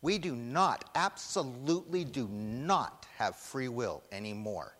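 Slow emphatic preacher in a reverberant hall. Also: male voice, mid-range voice, expressive, fairly bright tone. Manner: emphatic, asks the congregation questions and lets them answer. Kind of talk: sermon.

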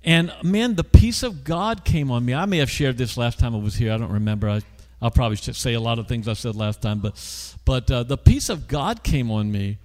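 A man's voice: medium pitch, expressive, a little fast, a little mellow, in a large hall. A male pastor telling a story in a conversational sermon, often putting questions to the congregation.

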